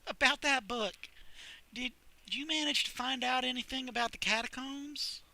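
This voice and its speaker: A man doing a high, stammering, flustered young woman. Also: bright, forceful tone, full character voice. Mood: eager. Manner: stammering, halting.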